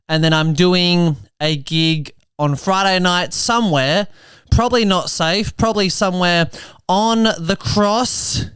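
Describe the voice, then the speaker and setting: A man's voice: sits high, fairly bright tone, clean tone, no echo. A young Australian man in his twenties hosting a podcast, delivering a chatty comedic monologue that turns to social commentary. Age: 20s. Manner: quick, chatty storytelling with asides.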